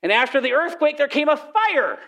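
A male preacher with a high voice gives an animated sermon. He tells stories with plenty of energy and slips into acted voices for the people in them. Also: brisk. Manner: animated storytelling, acts out voices in quotes.

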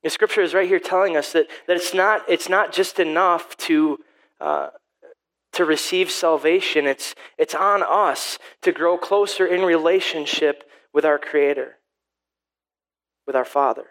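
A man's voice: fairly high pitch, unhurried, fairly bright tone, poor audio. A man in his thirties, a pastor giving a sermon, rambling and repeating words as he tells a family story.

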